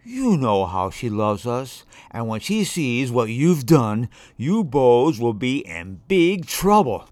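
Brief: snappy, fretful violin, read by a man, storybook, wide pitch swings. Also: sing-song, slow pace, hardly any pauses, a little mellow, no room sound.

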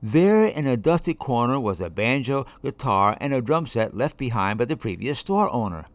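Brief: male storyteller, very lively pitch, dry close sound. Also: moderate pace, dry recording. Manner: expressive, shifting voices. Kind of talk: children's story reading.

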